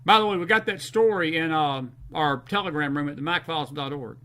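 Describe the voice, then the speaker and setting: A man's voice: on the high side, fairly quick, sharp tone. A man from the Southern United States with a Southern American accent, hosting a late-night live stream, reading viewer comments and repeating phrases for emphasis. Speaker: host.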